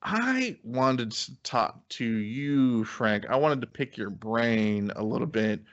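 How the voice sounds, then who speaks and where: A man's voice: mid-range voice, expressive, slow, fairly bright tone, lo-fi sound. A man hosting a podcast, talking casually with lots of fillers and easy laughs. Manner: chatty, loose, laughs often, many fillers. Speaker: podcast host.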